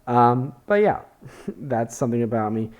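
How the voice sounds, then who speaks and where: Young man, podcast host, rambling, profane, mid-pitched voice. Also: expressive, moderate pace, darkish tone. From Texas. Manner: rambling, profane, self-deprecating, many fillers and restarts. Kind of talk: casual monologue.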